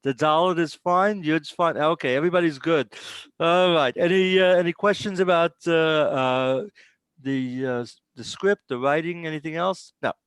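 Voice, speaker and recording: A man's voice: fairly high pitch, normal speed, fairly bright tone, smooth, no echo. A man teaching a beginners' language class over a video call, patient and encouraging with his students. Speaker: Hebrew teacher. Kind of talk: online class instruction.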